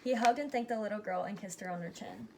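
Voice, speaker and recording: A woman reading a rhyming picture book aloud, giving its characters lively but plain voices. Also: medium pitch, fast talker, slight background noise. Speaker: reader.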